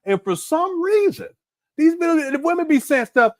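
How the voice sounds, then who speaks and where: Animated laughing man, high lively voice. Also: normal speed, no echo, clean studio sound. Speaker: commentary host. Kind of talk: casual reaction commentary.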